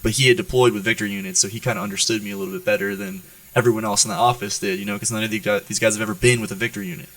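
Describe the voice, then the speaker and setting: An American man tells war-room stories from his Marine days, swearing freely and tossing in "right?" to keep his listeners with him. His voice is bright and forward at an average pitch, recorded close and dry with no room sound. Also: very fast, gravelly, no room sound, distant mic, rough recording. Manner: profane, animated storyteller who keeps checking in with "right?". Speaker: Marine guest on a podcast. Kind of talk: storytelling in an interview.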